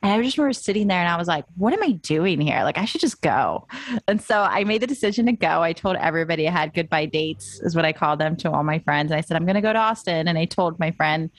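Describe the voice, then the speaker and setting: A woman's voice: fairly low pitch, expressive, fast talker. A young woman, a photographer, chatting as an interview guest and acting out her own past thoughts as she tells her story. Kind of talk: casual interview chat. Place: moved to Austin.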